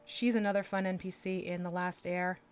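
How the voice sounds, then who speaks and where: A woman's voice: on the low side, flat delivery, a little fast, clear, resonant tone. Chatty woman streaming while painting. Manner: rambling, self-correcting, chatty. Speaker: streamer painting miniatures and game master. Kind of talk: casual live-stream chat while painting.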